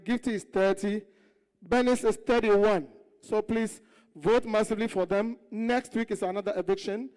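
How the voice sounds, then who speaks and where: A show host announcing live on stage, loudly, repeating phrases. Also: mid-range voice, smooth. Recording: long hall reverb.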